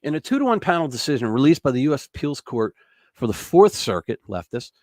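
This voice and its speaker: A man hosting a casual news commentary show, reading stories aloud and breaking in with blunt, sarcastic remarks, swinging between loud outbursts and mumbled asides. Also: medium pitch, sing-song, brisk, no room sound, studio quality. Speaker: political commentary host.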